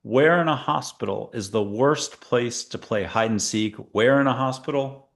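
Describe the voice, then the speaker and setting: A man's voice: mid-range voice, normal speed, creaky, a bit bright. A man hosting a spiritual talk show, chatting playfully and rambling as he leads listeners through a guided exercise. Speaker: podcast host. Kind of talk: casual guided meditation chat.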